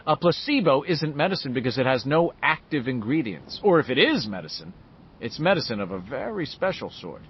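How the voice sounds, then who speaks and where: A man reading the part of a controlling older male pharmacist who lectures in a measured, quietly sharp way. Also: medium pitch, big pitch swings, muffled recording, a little hiss or hum, close to an everyday voice. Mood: condescending.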